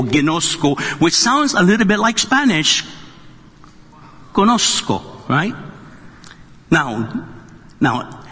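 Pastor type, man, high husky voice, jokey conversational sermon, long hall echo. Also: fairly bright tone. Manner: joking, conversational preaching. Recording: long reverb of a large hall.

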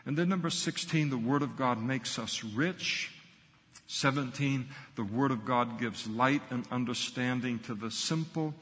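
A man's voice: medium pitch, unhurried, fairly bright tone, long reverb tail. A middle-aged man, a pastor, preaching a sermon earnestly and emphatically in short punchy phrases.

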